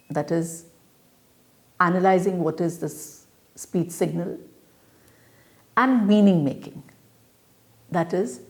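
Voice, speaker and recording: A woman delivers a recorded lecture on teaching, her voice sitting a little low. She explains point by point in a measured, deliberate way, pausing on fillers as she thinks. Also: darkish tone. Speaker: teacher educator.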